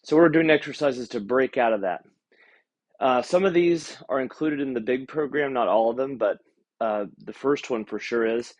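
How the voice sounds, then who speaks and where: A man's voice: mid-range voice, moderate pace, highs cut off. A man leading a seated stretching class online, calling out steps and counting reps with encouragement. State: out of breath. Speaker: exercise instructor. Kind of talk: live-streamed seated exercise class.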